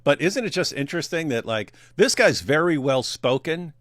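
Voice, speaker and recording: A man's voice: fairly high pitch, sing-song, normal speed, few pauses, a bit bright, dry recording, studio quality. A man casually commenting on video clips, chatty and often laughing. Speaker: reaction streamer.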